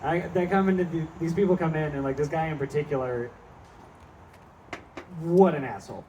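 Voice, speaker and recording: A man's voice: a little high, a little fast, dark tone. A male stand-up comedian performing a live set in a small venue, telling rambling, profane stories full of asides. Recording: distant mic with faint background noise.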